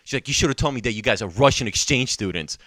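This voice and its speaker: A young man from Georgia spins a story in casual podcast chat, acting out every quote along the way. His voice is bright and lively, swinging up and down in pitch, and the room is dry and close. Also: quick pace, no echo. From Georgia (country). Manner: animated storyteller, acts out quotes, swears, laughs often. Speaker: podcast co-host.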